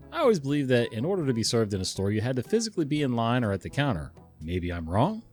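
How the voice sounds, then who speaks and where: Chuckly, lively male story narrator. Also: medium pitch. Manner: chuckling, conversational, digressive. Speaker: storytelling channel host.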